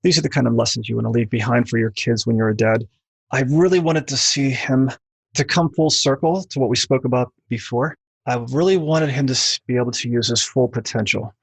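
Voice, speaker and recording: A middle-aged man, a book author, as a podcast guest telling lively stories and acting out the voices in them. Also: mid-range voice, brisk, vocal fry, breathy edge, no echo. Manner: animated storyteller who mimics voices in quoted anecdotes. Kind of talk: podcast interview, storytelling.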